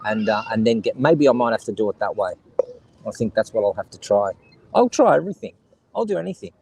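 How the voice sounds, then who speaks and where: Husky Australian man streaming outdoors. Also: fairly low pitch, big pitch swings, quick pace, darkish tone, low-quality recording. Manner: rambling, jokey, talks to chat viewers. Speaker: live streamer. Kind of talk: casual live stream chat. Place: outdoors by the seaside, kids and seagulls around.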